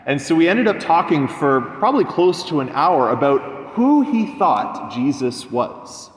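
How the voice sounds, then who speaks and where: A young man preaching as a priest, telling a story and acting out the voices of the people in it. His voice sits a little high. He is recorded in a roomy church with a long, ringing reverb. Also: sing-song, unhurried. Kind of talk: sermon.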